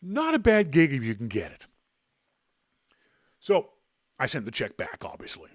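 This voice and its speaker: A man hosting a podcast, telling a self-deprecating anecdote in a casual, animated way. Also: mid-range voice, unhurried, no echo, clean studio sound. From Canada. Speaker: podcast host. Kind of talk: casual storytelling.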